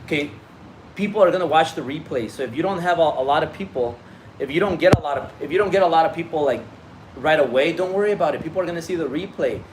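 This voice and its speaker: Man, business coach, pep talk, swears freely, restarts sentences, slightly high voice, faint noise behind. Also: fast talker. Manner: profane, blunt, pep-talk delivery with frequent restarts. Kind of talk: motivational livestream talk.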